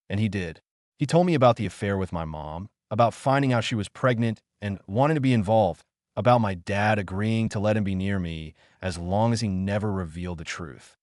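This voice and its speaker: A man narrating a first-person story in a steady, measured reading. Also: lowish voice, dry recording, studio quality.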